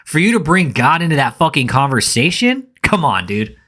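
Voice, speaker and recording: A man's voice: on the high side, sing-song, moderate pace, bright, forceful tone. A man giving live reaction commentary in an angry, profane rant.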